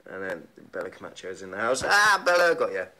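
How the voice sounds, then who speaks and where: A man's voice: low voice, big pitch swings, fast, pushed and bright. A young man hosting a casual live stream, reading out viewer names in a chatty, self-deprecating way.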